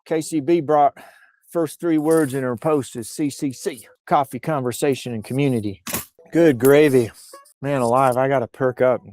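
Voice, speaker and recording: A male host chats loosely on a livestream, with a jokey, playful delivery. He rambles from one thought to the next in an everyday voice of ordinary pitch. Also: steady tone, normal speed, a little mellow. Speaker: news show host. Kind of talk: casual livestream chat. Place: outdoors on a bluff while on vacation.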